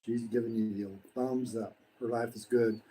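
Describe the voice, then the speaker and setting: A man in his sixties from the United States rambles through a live-stream meal, blunt and preachy, cursing freely. His voice is mellow and dark. Faint background noise sits behind him. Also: mid-range voice, steady tone, normal speed, poor audio. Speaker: vlogger. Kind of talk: casual live-stream monologue while eating. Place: home in the Philippines.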